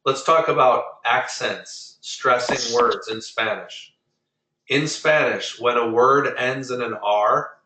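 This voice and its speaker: Male teacher, bright voice, drills pronunciation patiently; roomy, distant recording. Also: mid-range voice. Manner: patient, explains rules step by step, drills pronunciation. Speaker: Spanish teacher. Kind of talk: online class lesson.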